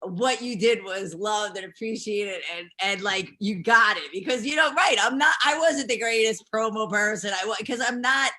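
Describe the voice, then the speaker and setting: A woman's voice: mid-range voice, moderate pace, few pauses, pushed and bright. A woman being interviewed, chatting in a bubbly, rambling way and laughing often. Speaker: interview guest, pro wrestler. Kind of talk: casual interview chat.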